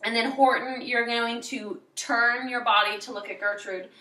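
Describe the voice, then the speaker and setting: A woman's voice: on the high side, fairly even intonation, moderate pace, sharp tone, roomy sound, far from the mic, low-quality recording. A woman drama teacher directing young students through a show's choreography, now and then singing or acting out lines as examples. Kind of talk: choreography instruction.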